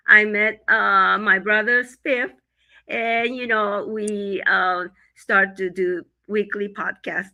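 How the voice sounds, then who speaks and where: A middle-aged woman from Japan, co-hosting a live podcast from home. She sounds stuffy from a cold and talks haltingly, with many fillers and laughs. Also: medium pitch, pushed and bright, rough recording. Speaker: podcast co-host. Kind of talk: casual live podcast chat. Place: home in winter. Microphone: computer mic.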